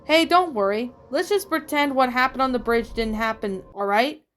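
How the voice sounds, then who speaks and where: An easygoing, friendly man who talks in a relaxed way, as a woman reading a fan story voices him. The voice is fairly high. Faint music plays behind. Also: moderate pace.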